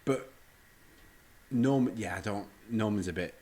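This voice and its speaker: A man's voice: fairly low pitch, measured pace, a little mellow. A man co-hosting a podcast in casual chat, throwing in wry, teasing quips. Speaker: podcast co-host.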